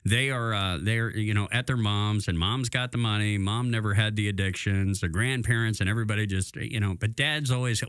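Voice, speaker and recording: A man's voice: fairly low pitch, moderate pace, few pauses, a bit bright, no echo, studio quality. A middle-aged man co-hosting a recovery talk radio show, speaking candidly and confessionally with many fillers. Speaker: co-host.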